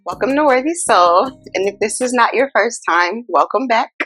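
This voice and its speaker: A woman hosting a casual self-help talk. She speaks in an animated, incredulous way, addresses viewers as y'all, and. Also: on the high side, normal speed, breathy edge, faint music behind. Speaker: host.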